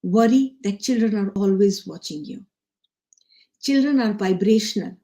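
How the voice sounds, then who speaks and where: A woman's voice: mid-range voice, moderate pace, dark tone. A woman from India giving an earnest live online talk to teachers as a guest trainer, repeating her key lines. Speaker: education trainer, guest speaker.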